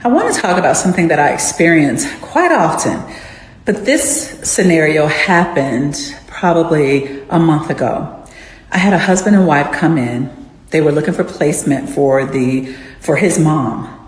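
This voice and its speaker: A woman who works in a care facility, earnestly telling a story from her job. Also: low voice. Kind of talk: storytelling clip. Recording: echoey room with long reverb.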